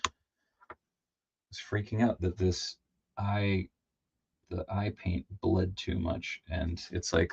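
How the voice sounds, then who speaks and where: A man chatting casually while painting a toy figure on a livestream, laughing and lively as he tells stories. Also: slow pace, creaky, pauses often, husky. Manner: animated, laughing, jumps into high excited voices when telling stories. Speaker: co-host of a toy customizing livestream. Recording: slightly dull lo-fi stream audio.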